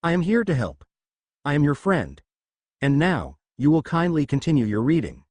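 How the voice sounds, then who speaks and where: A man's voice: fairly high pitch, big pitch swings, normal speed, a little mellow, no echo. A man voicing a sugary, smug woman teacher in a read-aloud story, falsely friendly. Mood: sugary stern.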